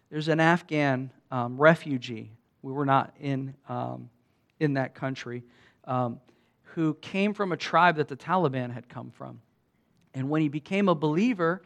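A man preaching to his church, telling mission stories earnestly with many restarts, rising when excited and dropping to a hush at tender moments. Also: on the high side, vocal fry. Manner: earnest, animated storyteller, fillers and restarts, softens to a hush. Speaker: pastor. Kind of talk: sermon storytelling.

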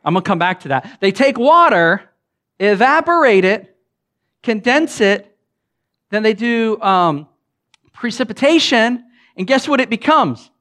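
A man with a Southern US accent, a pastor giving a chatty, humorous sermon full of stories, with loud bursts and quiet asides. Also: measured pace, pauses often. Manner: animated, joking, swings between loud bursts and low asides; frequent fillers and restarts, chatty. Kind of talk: conversational sermon with humorous storytelling.

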